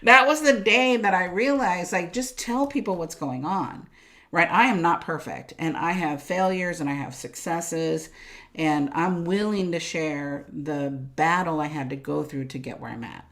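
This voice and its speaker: A woman business coach telling personal stories in a casual interview, animated and laughing often, ending many lines with "right?". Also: lowish voice, unhurried. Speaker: profit coach, guest.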